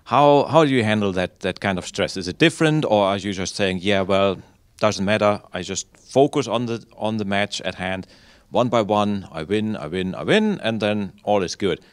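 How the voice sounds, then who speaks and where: A man's voice: on the low side, normal speed, clear, resonant tone, no room sound. A man hosting a pre-match interview with two finalists, hesitant and full of fillers. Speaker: tournament host interviewer.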